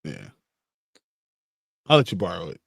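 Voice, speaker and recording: A man in his thirties, co-hosting a casual chat show, laid-back and quick to laugh as he reads out viewer comments. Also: low voice, huge pitch swings, creaky, a bit bright, breathy edge, dry recording, clean studio sound. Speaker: co-host.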